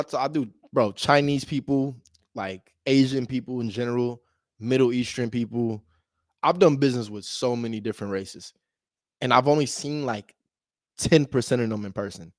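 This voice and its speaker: This young U.S. real estate wholesaler talks loosely to his vlog audience between phone calls, full of slang and laughter and addressing viewers as "bro." He has a medium-pitched voice, captured in clean studio sound without echo.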